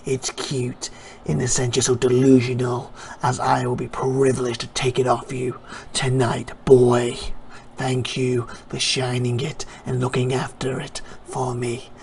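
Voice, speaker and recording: A man doing a smug, hushed wrestler. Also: medium pitch, monotone, gravelly, slight background noise. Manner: slow, quiet, condescending, sometimes whispered. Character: smug, menacing male wrestler champion.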